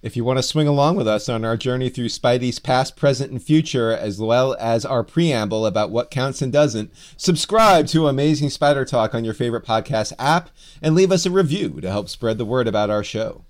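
A man's voice: medium pitch, animated, moderate pace, hardly any pauses. A man co-hosting a fan podcast who recaps the story with wry, sarcastic asides and speaks with a slight lisp. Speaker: podcast co-host. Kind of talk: casual podcast chat and plot recap.

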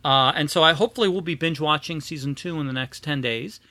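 A man hosts a casual podcast, chatty and self-deprecating, stumbling through fillers. His voice sits high and rings very bright. The sound is close and dry. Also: fast talker, no echo. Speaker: podcast host.

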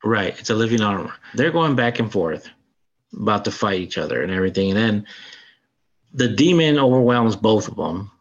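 A man's voice: fairly low pitch, normal speed, dull audio. Man animatedly retelling a film plot. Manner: animated retelling, acts out character lines. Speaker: podcast co-host. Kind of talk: casual film review chat.

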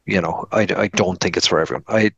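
An Irish man with a fairly low voice chats about films on a podcast. He rambles and restarts a lot, slipping into little acted-out quotes of his own thoughts. The sound is dry and close, with no room echo. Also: quick pace, fairly bright tone, breathy edge, dull audio. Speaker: film review podcast co-host. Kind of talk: casual film review chat.

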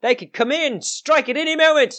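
A man voicing a crabby old woman gatekeeper in a tabletop game, with a shrill, bossy, rustic way of talking. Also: fairly quick, fairly bright tone. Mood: grumpy. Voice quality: shrill, high put-on voice. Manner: grumbling, bossy, rustic talk.

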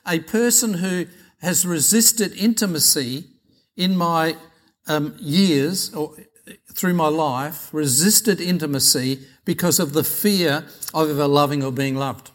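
A middle-aged Australian pastor preaches by telling anecdotes. His voice sits a touch high. He is chatty and acts out each exchange with animation. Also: slow pace. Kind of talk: sermon storytelling.

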